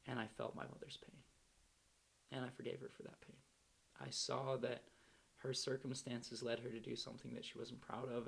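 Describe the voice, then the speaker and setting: Man, gravelly fry in the voice, candid slangy first-person storytelling. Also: medium pitch, fairly bright tone. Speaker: storyteller recounting his recovery.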